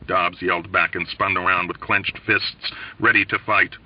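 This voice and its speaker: A man's voice: deep voice, little pitch movement, moderate pace, distant mic. Man reading a novel aloud. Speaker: audiobook reader. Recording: dull lo-fi recording.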